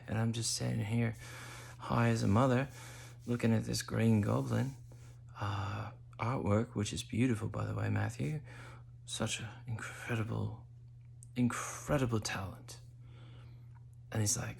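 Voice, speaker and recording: A man hosting a casual monologue while high, drifting into whispery asides. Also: steady tone, normal speed, gravelly, darkish tone, slightly rough. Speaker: host.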